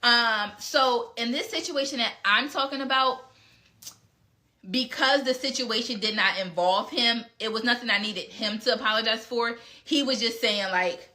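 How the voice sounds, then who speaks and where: Blunt, bright-voiced woman answering questions. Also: on the high side, normal speed. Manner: frank and blunt, with mild cursing. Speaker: speaker answering audience questions. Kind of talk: casual live Q&A talk.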